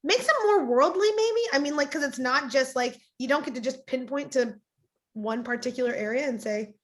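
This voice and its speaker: A woman pastor talking casually as a podcast guest, animated and rambling, often restarting her sentences. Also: high voice, moderate pace. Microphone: video call.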